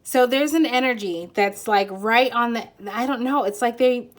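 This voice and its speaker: A woman's voice: on the high side, moderate pace. A woman giving a casual pick-a-card tarot reading, rambling and giggly as she searches for words.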